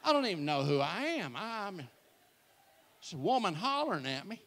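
Man, 60s, church comic storyteller; bright, folksy, self-mocking. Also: sits high, big pitch swings, normal speed. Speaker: church speaker. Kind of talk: comic storytelling to a live audience.

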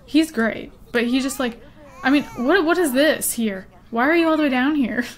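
A woman's voice: high voice, normal speed. A young woman rambling and giggling as she plays a life-sim game, easily distracted and chatty. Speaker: gaming YouTuber. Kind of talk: rambling let's play commentary with story time.

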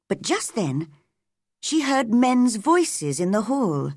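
A woman narrating a story slowly and clearly for English learners. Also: fairly high pitch, very animated, darkish tone, no room sound, clean studio sound. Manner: clear, deliberate.

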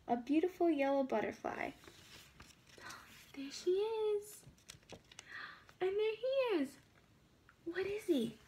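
A woman reading a picture book aloud to children, pausing to ask her young listeners questions. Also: high voice, slight background noise. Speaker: children's story reader.

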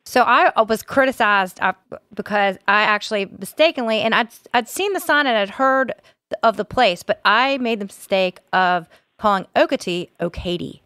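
A woman co-hosting an interview podcast, asking questions with curiosity. Her voice is smooth and clear, and it sounds close and dry. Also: mid-range voice, animated, moderate pace, bright, forceful tone, no echo.

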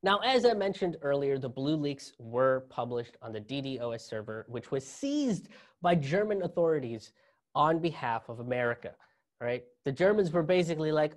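A man's voice: fairly high pitch, very animated, normal speed. A man doing a stand-up comedy set, sarcastic and laughing at his own jokes.

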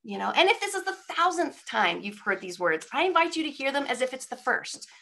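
A woman's voice: high voice, very animated, fairly quick, vocal fry, sharp tone, slight background noise. A middle-aged woman giving a conversational sermon at a women's church event over a video call, informal, with frequent rhetorical asides. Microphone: speaking on a video call.

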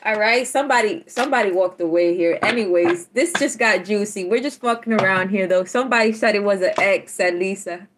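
A woman, chatting casually on a tarot livestream, teasing and animated, laughing often as she reads out chat. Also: mid-range voice, fairly quick, hardly any pauses, slight background noise.

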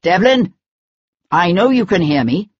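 Audiobook villain: reader playing a menacing male conspirator, husky, lo-fi audio. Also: mid-range voice, lively intonation, unhurried, dry recording. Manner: menacing, persuasive. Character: ruthless male conspirator, cold and threatening. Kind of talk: audiobook character voice. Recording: dull lo-fi recording.

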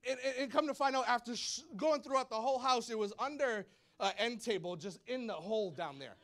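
A male pastor in his thirties preaching a sermon to a congregation, telling lively stories and acting out shouts and quotes. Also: very high voice, fairly quick. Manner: animated storytelling, acts out shouts and quotes. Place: church hall before a congregation.

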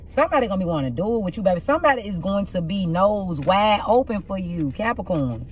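Woman, rough husky voice, mid-pitched, blunt profane storyteller, casual tarot reading, faint hiss behind. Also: expressive, quick pace. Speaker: tarot reader.

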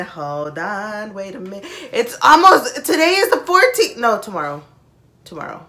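A young woman hosting a reaction vlog, excitedly gushing in casual chat and slipping into Spanish phrases. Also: mid-range voice, moderate pace. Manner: hyped and gushing, switching into Spanish, laughing often. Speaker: reaction video host.

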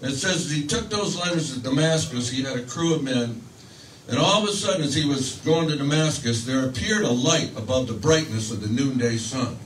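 Animated preacher in an echoey hall. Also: male voice, a little fast, recorded from a distance, slight background noise. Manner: storytelling preacher, acts out quoted voices with rising pitch; restarts and fillers, conversational. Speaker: pastor. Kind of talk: sermon.

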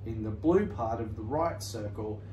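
A man's voice: lowish voice, animated, normal speed, mellow, reverberant, distant mic, slight background noise, close to an everyday voice, rough recording. A man voicing a cheerful, clever young female sparrow in a read-aloud children's story. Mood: upbeat.

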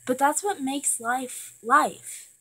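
Teen girl vlogger, slightly high voice, breathy, heartfelt talk to camera. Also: slow, a bit bright, rough recording. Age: teens. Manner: heartfelt, emotional, swears when worked up. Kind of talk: earnest direct-to-camera pep talk.

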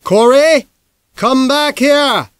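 A man's voice: mid-range voice, animated, slow pace, dry recording, clean studio sound. A man voicing a worried middle-aged male small-town mayor who pleads and hollers after a boy. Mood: hollering.

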